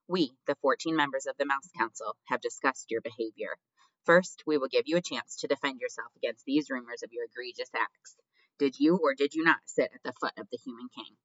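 A man's voice: medium pitch, brisk, a bit bright, no echo, lightly acted. A man voicing a stern, formal old male mouse who leads a council, in a storybook reading. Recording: dull dry lo-fi recording.

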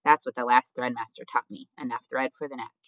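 A reader voicing a gentle male mouse threadmaster, polite and soft-spoken, murmuring in a storybook reading. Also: medium pitch, steady tone, brisk, dry recording, lightly acted. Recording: dull lo-fi dry recording.

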